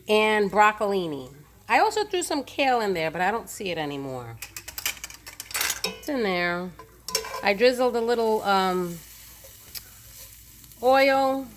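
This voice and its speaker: A woman chatting casually as she shows the family dinner in her home kitchen, homey and unhurried. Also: mid-range voice, a bit bright, slight background noise. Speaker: vlogger cooking for her family. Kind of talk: casual kitchen vlog chat.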